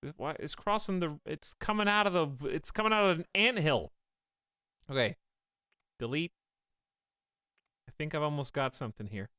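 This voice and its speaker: A man streaming a game live, reacting excitably and bantering with his chat. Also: fairly high pitch, normal speed, long pauses, clear, resonant tone, no echo, studio quality.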